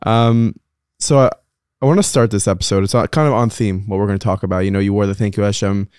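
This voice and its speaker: A man's voice: on the low side, steady tone, fast talker, darkish tone, clear, resonant tone, no room sound, clean studio sound. A man hosting a podcast interview in a chatty, casual way with many fillers and restarts. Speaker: podcast host.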